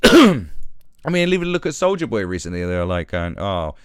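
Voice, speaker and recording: A man's voice: mid-range voice, sing-song, moderate pace, smooth, dry recording, studio quality. A British man hosting a live stream, ranting sarcastically and mocking in casual commentary.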